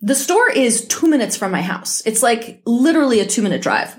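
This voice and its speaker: Still getting over an illness and liable to cough, this woman runs a casual podcast from home, ranting in a blunt, profane, heated monologue. She talks fairly quickly in a sing-song voice on the high side.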